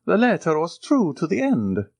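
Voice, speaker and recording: A man voicing a timid, eager old ex-soldier in a high, quavering, fawning voice. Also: huge pitch swings, normal speed, vocal fry, a little mellow, no echo, exaggerated voice. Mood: anxious.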